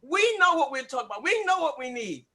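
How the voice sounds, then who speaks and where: High, bright-voiced man, visibly upset, insistent speaker at a public meeting. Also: very animated, quick pace. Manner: emotional, insistent, repeats himself. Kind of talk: impassioned remarks at an online meeting.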